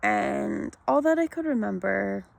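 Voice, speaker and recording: Woman in her 30s, really slow, tons of gravelly fry, halting and emotional, lots of ums. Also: medium pitch, animated, no echo. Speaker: vlogger sharing her health story. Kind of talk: personal storytelling to camera.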